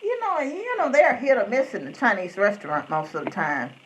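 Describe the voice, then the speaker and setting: Middle-aged woman, live-stream host, rambles and jumps between subjects, animated pitch. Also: brisk, slight background noise, poor audio. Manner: rambling, chatty, greets viewers by name. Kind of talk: casual chat.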